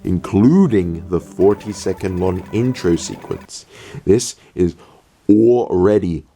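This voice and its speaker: A man from the UK narrates a sarcastic review in a low, mellow voice. He sounds dry and exasperated as he picks apart each scene, with faint music under him. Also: animated, takes it slowly, creaky. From United Kingdom. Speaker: host.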